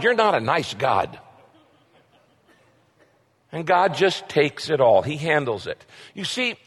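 A man's voice: high-pitched, a bit bright. A middle-aged man preaching a sermon as a pastor, emphatic and repetitive, asking rhetorical questions. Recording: long hall reverb.

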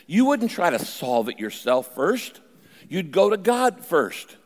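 Older pastor preaching in a reverberant hall. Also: male voice, sits high, sing-song, slow pace. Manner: storytelling, shifting from quiet to emphatic. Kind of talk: sermon.

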